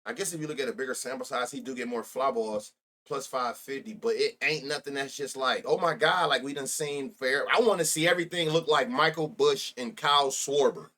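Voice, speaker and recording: A man's voice: medium pitch, brisk, bright, forceful tone. A young man streaming live about sports bets, rambling and profane, laughing often and talking straight to his chat.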